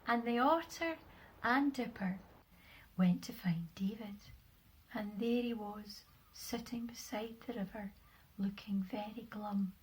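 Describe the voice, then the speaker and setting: A woman telling a children's story, lively, often dropping to a whisper. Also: mid-range voice, slow pace, rough recording.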